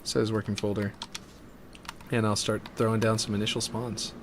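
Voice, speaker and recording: A man's voice: lowish voice, level tone, moderate pace, background noise. A man streaming while building a game map, chatting casually and thinking aloud as he trails off. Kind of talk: casual chat while working.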